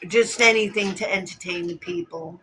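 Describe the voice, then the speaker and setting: A woman's voice: mid-range voice, steady tone, normal speed, bright, forceful tone, breathy edge. A woman hosting a casual livestream, chatting to viewers, cracking jokes and breaking into bits of song. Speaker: livestream host. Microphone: phone or streaming setup.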